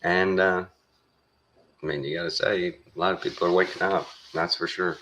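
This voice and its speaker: A man with a Texan accent talking casually to his viewers, meandering along with lots of pauses and folksy phrasing. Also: low voice, steady tone, sharp tone. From Texas. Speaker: vlogger. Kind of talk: casual rambling monologue.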